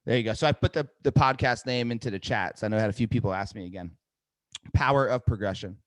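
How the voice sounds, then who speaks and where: A middle-aged sales trainer from New Jersey coaches salespeople in a live webinar, speaking fast, directly, and energetically while often checking in with "right?". His voice is lowish, with no echo and studio quality.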